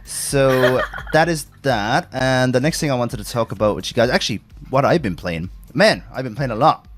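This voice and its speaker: Male podcast host, mid pitch, loose rambling delivery with frequent laughs, casual swearing. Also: lively intonation, normal speed, noisy background. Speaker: streamer host.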